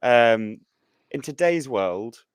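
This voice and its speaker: A podcast host chats casually and reflectively, often stumbling through false starts. His mid-range voice is clear, resonant, and animated, and he takes his time. The recording is dry.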